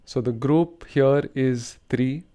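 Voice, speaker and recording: Slow, smooth-voiced male rhythm teacher. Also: mid-range voice, warm tone. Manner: slow, careful, recites konnakol syllables in time. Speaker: rhythm teacher, show host. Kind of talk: instructional explanation with spoken rhythm syllables.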